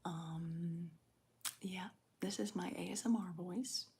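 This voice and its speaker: A woman whispers a late-night live chat in an airy, almost voiceless hush. Her pace is very slow and unhurried, with a low, gravelly texture under the breath. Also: fairly even intonation. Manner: soft, slow, breathy whispering with small laughs. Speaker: ASMR livestream host.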